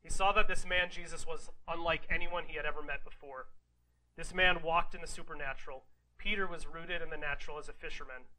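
A man preaching a sermon in a raised, bright voice with a sharp, forceful edge. He reads scripture aloud and then unpacks it casually. He keeps turning to his listeners with rhetorical questions and quick "right?" asides. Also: fairly high pitch, fairly even intonation, low-quality recording. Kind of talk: conversational sermon.

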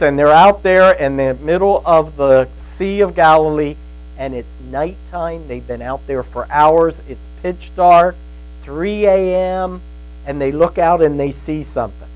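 A Bible teacher gives a conversational sermon, telling stories in a folksy manner and often asking "right?" to check in with listeners. His voice is on the high side and unhurried, and the audio quality is poor.

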